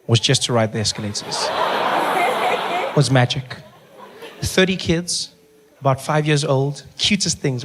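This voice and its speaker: A man performing animated stand-up storytelling on a comedy stage. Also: medium pitch, a little hiss or hum.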